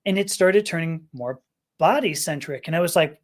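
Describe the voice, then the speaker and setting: A woman's voice: low-pitched, moderate pace. A woman guest on a podcast, telling a personal story candidly, often stammering, laughing and restarting her sentences.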